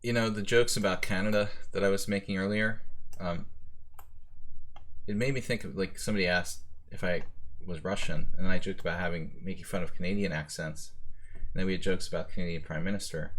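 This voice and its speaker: Man, deep voice, casual chess streaming, rambling with fillers. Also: fairly even intonation, a little fast, a bit bright. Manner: thinking aloud, full of fillers. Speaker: chess streamer playing a simul. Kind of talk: casual live commentary.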